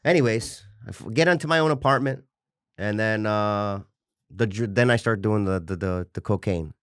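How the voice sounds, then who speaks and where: A man's voice: fairly low pitch, normal speed, clear, resonant tone, dry recording, clean studio sound. A man in his forties, a fitness coach, telling his story as an interview guest in a passionate, rambling way, with restarts and swearing. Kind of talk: candid personal storytelling.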